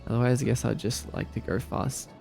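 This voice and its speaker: A young Australian man with a brisk, mid-range voice, a touch of vocal fry and a slightly mellow quality hosts a casual livestream. He reads viewer comments aloud and answers them playfully, tossing in light jokes, while faint music plays in the background.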